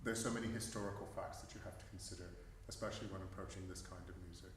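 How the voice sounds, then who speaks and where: A man's voice: low voice, fairly even intonation, rapid-fire. A man, a vocal tutor, chatting through questions at a research forum, with many fillers and easy laughter. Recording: echoey hall, distant mic, faint hiss.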